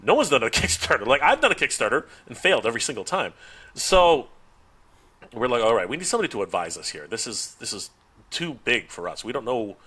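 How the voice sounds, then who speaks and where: Animated bright-voiced man telling a story. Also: mid-range voice, fairly quick, husky. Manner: animated, acts out quoted dialogue, laughs often, frequent restarts. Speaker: podcast guest, toy YouTuber. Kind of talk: casual storytelling chat.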